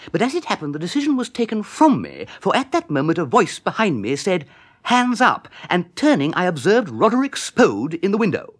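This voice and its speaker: An actor playing a genial, flustered young upper-class gentleman who narrates and stammers in a radio play. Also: fairly high pitch, husky, heavily acted.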